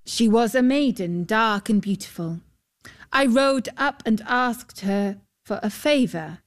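A man's voice: high voice, animated, slow pace. Storybook knight, young, brave, formal and courtly, woman reads him.

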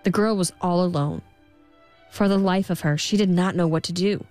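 A woman reading a fairy tale aloud in an expressive, gentle storybook style. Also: lowish voice, normal speed, faint music behind. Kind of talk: storybook narration.

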